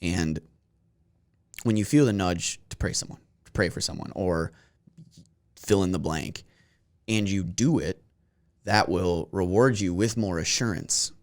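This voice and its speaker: Low-voiced Minnesotan man chatting. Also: unhurried, pauses often, no echo, clean studio sound. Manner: animated storyteller, laughs often. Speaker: podcast guest. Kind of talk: casual chat.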